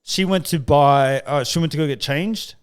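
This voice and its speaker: A man's voice: on the high side, normal speed, smooth. A man hosting a podcast, chatting casually in a blunt way, swearing freely and chiming in often. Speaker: podcast host. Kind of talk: casual chat.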